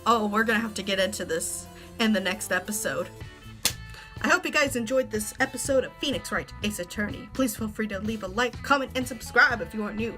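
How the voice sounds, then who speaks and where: A woman's voice: mid-range voice, a little fast, pushed and bright, faint music behind. A young woman hosting a casual let's-play, talking in a playful, offhand way. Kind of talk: casual gameplay commentary.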